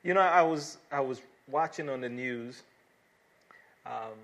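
A man's voice: mid-range voice, a little slow, fairly bright tone. A man preaching a sermon, reading scripture verses aloud and then explaining them earnestly, building to emphatic exhortations. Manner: earnest, with fillers and restarts, rising to emphatic exhortation.

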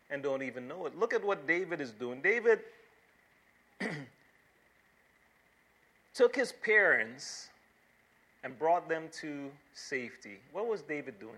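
Bright-voiced man preaching a sermon. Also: a little high. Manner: preaching with rising emphasis, repeats words. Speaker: pastor.

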